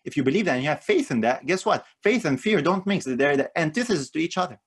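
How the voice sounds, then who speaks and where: A man's voice: fairly high pitch, lively intonation, fast, breathy edge. A man preaching a sermon in an earnest manner, lifting his voice on key phrases and often repeating words.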